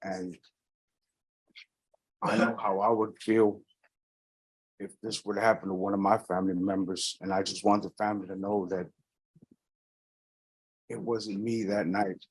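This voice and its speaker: A man speaking as a defendant in a courtroom, talking quietly and hesitantly, almost whispering, with repeated restarts. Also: on the low side, level tone, measured pace, pauses often, slightly rough, rough recording. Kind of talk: courtroom statement of remorse.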